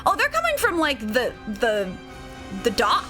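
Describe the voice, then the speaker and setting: Bubbly young woman streaming a game, high bright voice, game music quietly behind. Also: wildly swooping pitch, measured pace. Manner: bubbly, giggly, voices the characters. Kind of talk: live game stream commentary and reading dialogue aloud.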